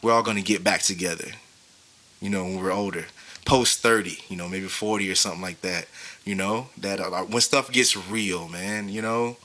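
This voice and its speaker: A man's voice: low-pitched, fairly even intonation, moderate pace, sharp tone. A man in his thirties, a podcast host, telling a painful personal story in a casual, heartfelt way, with many fillers. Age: 30s. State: tearful, grieving.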